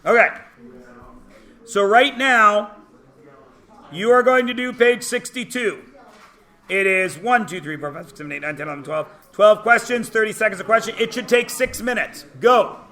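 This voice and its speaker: A man teaching a math class, lecturing in a brisk, teasing way and peppering students with rhetorical questions. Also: sits high, sharp tone. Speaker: high school math teacher.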